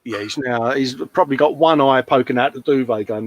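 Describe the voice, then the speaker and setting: Bloke hosting a live chat, teasing everyone, mate this mate that, kinda dry close sound. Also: male voice, mid-range voice, brisk, no room sound, dull audio. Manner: jokey banter, calls everyone mate. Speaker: live show host. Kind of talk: casual live-stream chat, reading viewer comments.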